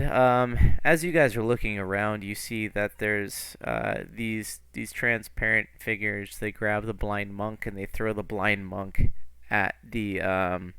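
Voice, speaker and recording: A man's voice: fairly low pitch, fairly bright tone, clean tone, dry recording. A man narrating a tabletop game as game master, in a casual style full of fillers and swearing.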